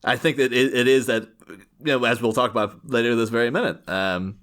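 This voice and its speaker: A man's voice: medium pitch, fairly quick, a bit bright. A man co-hosting a podcast, chatting casually about a film and slipping into playful impressions of characters. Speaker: podcast co-host.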